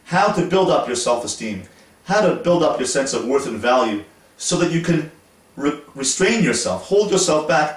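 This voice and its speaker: A man from Montreal, Canada, hosting an instructional talk to camera in a slow, deliberate, explanatory way. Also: a little high. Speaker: host. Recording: roomy echo, voice from a distance.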